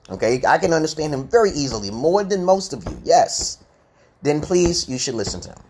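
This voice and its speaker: A man's voice: a little high, very animated, a little fast, a little mellow, slightly rough. A man in his forties giving a casual, rambling English lesson on a live stream, asking "okay?" again and again. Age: 40s. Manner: rambling, repeats "okay?" often.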